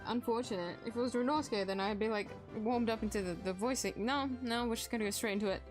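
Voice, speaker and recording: Chatty young woman streaming a game, higher voice, giggly, quiet music behind. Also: fast talker. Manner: giggly, chatty, self-deprecating. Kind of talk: casual game stream chat.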